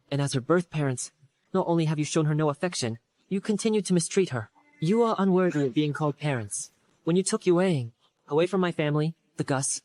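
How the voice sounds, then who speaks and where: A man plays a fierce, protective young general and elder brother, speaking in a forceful, indignant tone. His voice sits fairly high for a man and sounds dry and close, with no room around it, in a dubbed period drama. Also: no room sound, close to an everyday voice.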